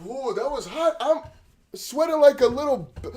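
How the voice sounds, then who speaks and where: A man hosting a live crypto stream, excitable and rambling, out of breath and self-mocking. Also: extremely high pitch, measured pace, background noise. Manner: excitable, shouting and laughing with relief. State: out of breath, sweating. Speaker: crypto livestream host.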